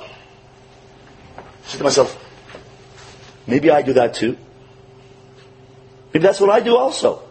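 A man giving a storytelling sermon as a religious teacher, acting out quotes with animation and dropping to soft, tender tones. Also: on the high side, sing-song, takes it slowly, pauses often, slight background noise, poor audio.

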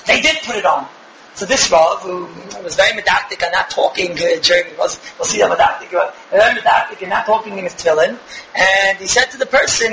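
Man, quick lively storytelling lecture, high pitch, echoey room. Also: background noise. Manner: animated, digressive, often restarts and acts out quotes. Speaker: rabbi giving a talk. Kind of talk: Yiddish-flavored Torah lecture, storytelling. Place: synagogue or study hall.

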